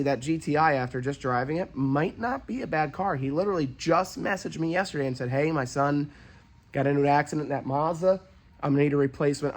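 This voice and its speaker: A man's voice: mid-range voice, fairly bright tone, low-quality recording. A young man, a used car dealer, chatting bluntly in a casual vlog as he walks around cars at an auction lot. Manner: blunt, swearing, salesman banter.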